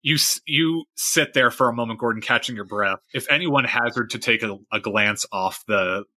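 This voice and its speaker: A man narrating a tabletop role-playing game as game master, in a relaxed, halting way. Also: mid-range voice, dry recording.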